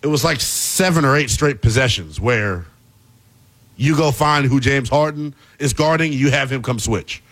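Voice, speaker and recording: A man hosting a basketball talk show, delivering an animated, exasperated commentary rant with plenty of emphasis. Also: mid-range voice, unhurried. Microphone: earpiece in studio.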